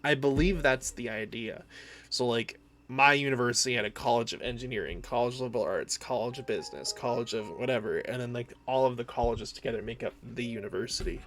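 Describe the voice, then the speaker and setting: A man's voice: medium pitch, quick pace, fairly bright tone. A man with a Minnesotan accent from the northern United States, chatting in a casual, rambling way while streaming a game. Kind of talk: casual live-stream chat.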